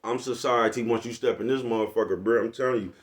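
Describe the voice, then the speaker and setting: A man's voice: medium pitch, fairly even intonation, fast talker. Blunt older man preaching tough love. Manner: blunt, preachy, profane street talk. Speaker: vlogger. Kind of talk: casual motivational monologue.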